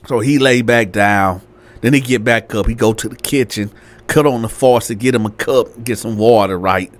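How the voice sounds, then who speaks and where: A man's voice: medium pitch, normal speed. A man telling a story in a casual, slangy way, checking in with "right?" and acting out the people in it. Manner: animated, slangy, repeats "right?". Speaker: storyteller, channel host. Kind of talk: casual storytelling with acted voices.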